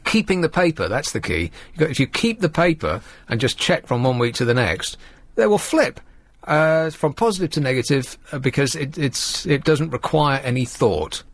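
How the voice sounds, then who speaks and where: Hosting a radio talk show, a man rambles sardonically and shares strong opinions into a studio microphone in casual chat. His medium-pitched voice swings widely in pitch at a moderate pace.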